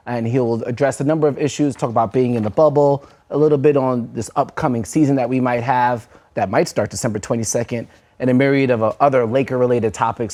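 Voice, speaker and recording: A man's voice: medium pitch, a little mellow. An American man co-hosting a podcast, steering the chat with questions and segment setups. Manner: leads with questions, sets up segments. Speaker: podcast co-host. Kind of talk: casual interview chat.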